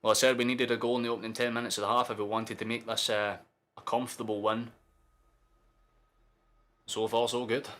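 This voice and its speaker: Young fan streamer, sharp bright tone, mid-pitched, sweary, bursts into yelling. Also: male voice, fairly quick, long pauses. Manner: excitable, sweary, erupts into shouting. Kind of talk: live match watchalong commentary.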